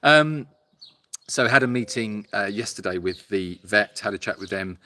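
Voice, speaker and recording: A tired, hot man hosting a casual live stream from an animal sanctuary on his phone, rambling and halting with many fillers while answering viewers. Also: lowish voice, expressive, bright, forceful tone, slight background noise. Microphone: phone held for a live stream.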